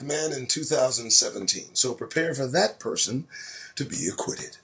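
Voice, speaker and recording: Animated, profane man ranting on a live stream. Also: mid-range voice, moderate pace. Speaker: host. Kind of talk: live-stream commentary on news headlines. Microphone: phone or webcam on a live stream.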